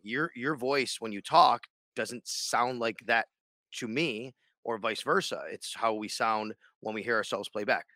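Male sports radio host, bright dry voice, rambling casual podcast chat. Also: mid-range voice, unhurried, no room sound. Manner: rambling, many restarts and fillers.

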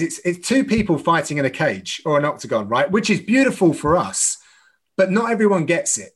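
Man, middle-aged, fight commentator, earnest, voice a bit high. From United Kingdom. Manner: animated, earnest, restarts phrases. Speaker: MMA commentator and guest. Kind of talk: podcast interview, storytelling.

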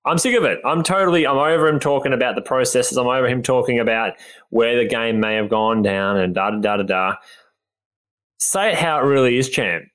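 A man's voice: medium pitch, fairly quick, a bit bright. An Australian man co-hosting a sports podcast, venting in exasperated casual banter. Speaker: podcast co-host.

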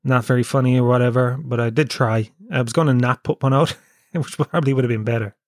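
A man's voice: mid-range voice, steady tone, quick pace, no echo, studio quality. A sick, worn-out Irish man hosting his own podcast, rambling in a self-deprecating, sweary way. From Ireland. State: ill and worn out. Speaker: podcast host. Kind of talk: casual solo podcast monologue.

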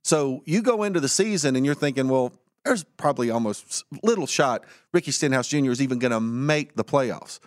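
A man's voice: mid-range voice, lively intonation, a little fast, hardly any pauses, no echo. Brief: easygoing man with a Southern twang, dry close sound, co-host. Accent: Southern American. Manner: easygoing, laughs often. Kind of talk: casual sports-betting chat.

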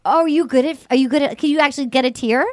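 A woman's voice: high voice, very fast, dry recording. A woman hosting a podcast in casual chat, talking animatedly and acting out other people's lines. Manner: animated, quotes others in acted voices. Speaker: podcast host.

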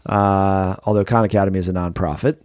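A man's voice: deep voice, steady tone, fairly quick, darkish tone, dry recording, clean studio sound. A man co-hosting a podcast in casual chat, upbeat and teasing as he steers the show. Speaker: podcast co-host.

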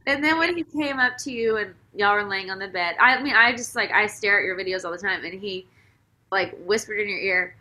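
Bright animated woman interviewer. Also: medium pitch, fairly quick, low-quality recording. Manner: warm, animated, casual with frequent "like". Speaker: interviewer, host. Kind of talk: conversational interview.

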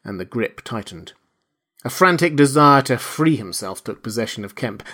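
A man narrating a classic novel aloud, measured and letting his voice fall quietly at the end of each phrase. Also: mid-range voice. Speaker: audiobook narrator. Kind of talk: scripted narration.

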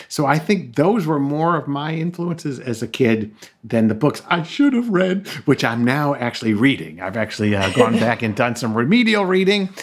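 A man's voice: mid-range voice, sing-song, normal speed. A middle-aged man from upstate New York, raised in Tennessee, telling humorous stories as a podcast guest. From Buffalo, New York, raised in Tennessee. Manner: jokey storyteller, puts on voices in anecdotes. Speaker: author guest. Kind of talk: interview chat.

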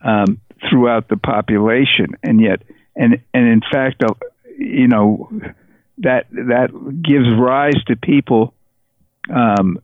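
Halting male author on a tinny line. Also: medium pitch, no echo. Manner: thoughtful, halting, many restarts. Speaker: author, interview guest. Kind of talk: podcast interview. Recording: dry tinny phone-like line.

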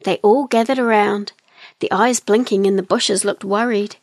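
A woman reading a children's storybook aloud, gentle, expressive and unhurried. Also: medium pitch, no echo, clean studio sound. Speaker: narrator.

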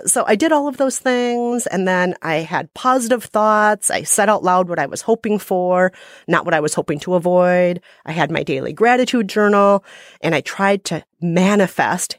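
Woman cohost, lowish voice, jokey and self-deprecating, dry close mic. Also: dry recording. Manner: playful, self-mocking storytelling. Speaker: podcast co-host. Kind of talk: casual chat.

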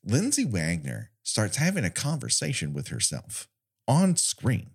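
A man's voice: mid-range voice, huge pitch swings, a little slow, husky. A young man co-hosting a podcast, recapping an old TV episode with sarcastic, swearing comedy and mock voices. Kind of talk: casual comedic chat.

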